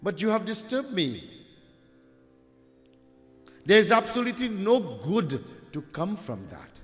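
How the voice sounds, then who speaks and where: A man voicing a stern male deity, speaking in a measured, questioning, reproachful way. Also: high-pitched, sing-song, fairly bright tone, exaggerated voice. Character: male deity, stern ascetic, calm authority. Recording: reverberant hall with faint music.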